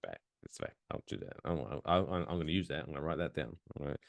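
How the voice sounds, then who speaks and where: A man's voice: very deep voice, big pitch swings, quick pace, vocal fry, no echo. A man co-hosting a podcast in casual banter, playful, with announcer-style build-ups that draw out names. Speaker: podcast co-host.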